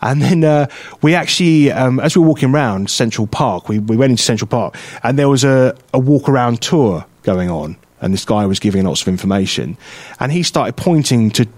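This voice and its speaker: A man from London with a London English accent, co-hosting a casual radio chat show and telling animated stories, often mimicking people in a high, excited voice. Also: brisk, dry recording. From London, England. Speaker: co-host. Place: radio studio.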